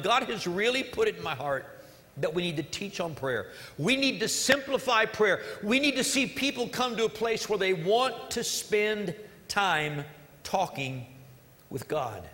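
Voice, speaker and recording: Male pastor, sermon, earnest and emphatic, high voice, long hall reverb. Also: animated, measured pace, pushed and bright. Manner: earnest, emphatic preaching with repeated phrases. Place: church service.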